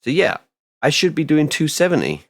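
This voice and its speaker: A man chats loosely while streaming a space game, his voice swinging up and down with animation. He rambles between topics and breaks into loud excited outbursts. The sound is dry and close, with no room around it. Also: fairly high pitch, normal speed, no echo. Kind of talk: casual live-stream chat while gaming.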